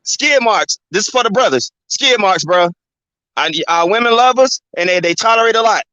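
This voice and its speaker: A man's voice: high voice, expressive, normal speed, pushed and bright, no echo. A man hosting his channel in a casual, rambling, profanity-filled rant, filling his talk with "man" and "you know what I'm saying". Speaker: channel host. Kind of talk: casual ranting monologue. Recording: dull, lo-fi dry recording.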